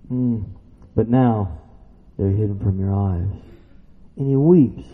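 A man preaching a sermon who swings from loud excited shouts to quiet low asides and keeps asking his listeners questions. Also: normal speed, pauses often. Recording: dull sound with long reverb in a hall.

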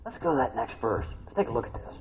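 A middle-aged male pastor preaching a sermon, tired, animated, swinging from quiet talk to shouting. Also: mid-range voice, quick pace, noisy background. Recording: dull lo-fi recording.

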